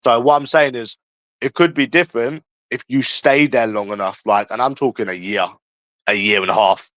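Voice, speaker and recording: An English livestream host rants casually, blunt and profane, speaking straight to a viewer in chat. His mid-range voice is fairly even and bright at a normal speed, on a dry, low-quality recording.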